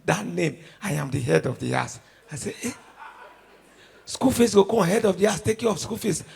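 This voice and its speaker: A man's voice: sits high, brisk, vocal fry, a little hiss or hum. A young Nigerian man doing stand-up, telling stories in Pidgin at a live show. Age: young adult. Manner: storytelling in Nigerian Pidgin, animated. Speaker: stand-up comedian. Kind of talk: stand-up comedy routine. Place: live comedy show venue.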